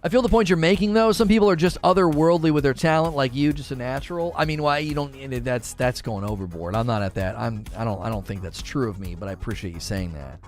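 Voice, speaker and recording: A man hosts a livestream, chatting casually with viewers and reading their comments aloud at a quick pace with few pauses, while soft music plays behind him. He's animated, breaking into sudden high-pitched bursts when quoting, and tends to trail off quietly at the ends of his thoughts.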